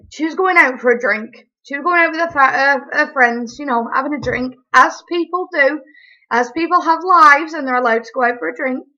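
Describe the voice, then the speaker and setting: Young woman vlogger, high-pitched, animated casual storytelling. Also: dull audio. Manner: animated, chatty, quick asides.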